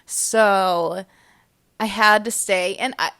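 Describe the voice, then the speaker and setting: A young woman talking casually on a podcast in a mid-range voice. She teases with dry, deadpan quips and answers in quick, easy bursts. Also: mid-range voice, smooth. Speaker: podcast co-host. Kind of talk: casual chat.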